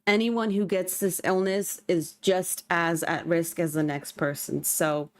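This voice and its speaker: A woman's voice: fairly low pitch, steady tone, unhurried, dry recording. Chatty young woman streamer. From California. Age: young adult. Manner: bubbly, chatty, breaks into squeals and gasps. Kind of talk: casual livestream chat while gaming.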